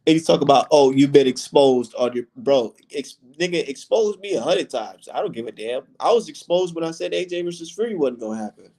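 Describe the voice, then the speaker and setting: Male boxing streamer, lively pitch, swears a lot. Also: a little fast, hardly any pauses. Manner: profane, animated ranting. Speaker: boxing livestream host. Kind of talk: casual livestream chat.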